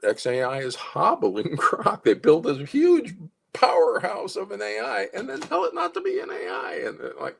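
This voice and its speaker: A man's voice: sits high, wildly swooping pitch, moderate pace, vocal fry, a bit bright, husky. A man, a psychologist, talking in a rambling, conversational monologue with frequent restarts. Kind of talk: casual spoken monologue.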